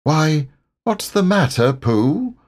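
A kind young storybook boy , voiced by a man, speaking up high and excited. His voice jumps and lifts with eager energy. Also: slow, heavily acted.

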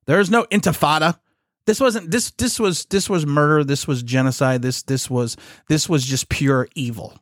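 A man's voice: fairly high pitch, normal speed, dry recording, clean studio sound. A man hosting a political commentary show, talking in an indignant way and often restarting his sentences.

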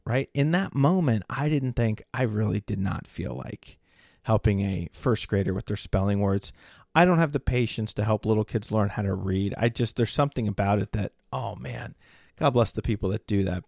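Here the same kind of faith podcast host, a man in his forties, tells a family story in a chatty solo talk, frequently tossing in "right?". The voice is mid-range with a darkish tone, studio quality and no room sound at all.

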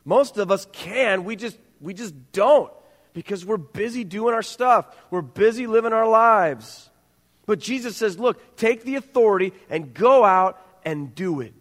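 A middle-aged man preaching a sermon as pastor, earnest and growing animated, with stumbling restarts. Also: high voice, measured pace, big-room sound.

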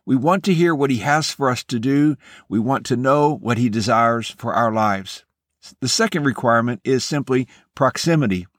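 A man hosting a devotional podcast, speaking in an earnest, measured and encouraging way as he delivers a scripted message. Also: medium pitch, fairly bright tone, dry recording, studio quality.

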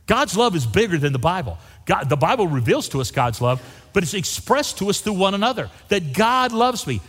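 A middle-aged man, an interim pastor preaching a folksy, animated sermon and joking with the congregation. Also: sits high, in a large hall.

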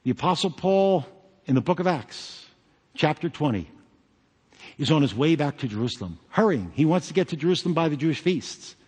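A man's voice: fairly high pitch, lively intonation, fairly quick, darkish tone, slightly rough. A man pastor preaching a sermon emphatically, with joking asides. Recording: long hall reverb.

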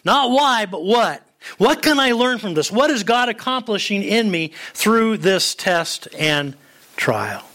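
A man's voice: high-pitched, very animated, unhurried, sharp tone. A man, a pastor, preaching a sermon in an earnest, emphatic way with rhetorical questions.

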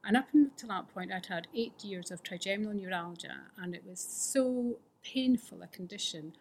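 A woman's voice: mid-range voice, moderate pace, darkish tone, a little hiss or hum. A woman telling her recovery story to a fellowship, candid and earnest, often sinking to a near-whisper. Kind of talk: personal recovery testimony.

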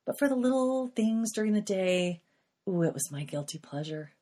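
A woman's voice: medium pitch, animated, moderate pace, mellow. A middle-aged woman hosting a podcast, sharing an earnest, emotional Christian testimony in a confessional way. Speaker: podcast host. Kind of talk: personal faith testimony.

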